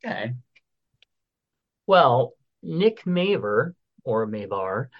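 A man's voice: medium pitch, vocal fry, highs cut off. A man co-hosting a casual chat show, reading entertainment news in a rambling, jokey way and stumbling over names.

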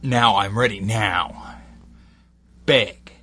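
A man puts on a menacing demon lover, issuing slow, hissed commands. The voice is husky and unhurried, dark in temper, a storybook devil. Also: fairly low pitch, exaggerated voice. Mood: commanding. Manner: growling, hissing demands.

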